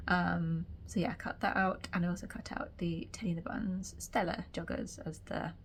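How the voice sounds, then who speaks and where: A woman vlogging casually from her sewing room, a little croaky and tired, rambling chattily with many fillers. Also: fairly low pitch, steady tone, normal speed, a little hiss or hum. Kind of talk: casual chat to camera.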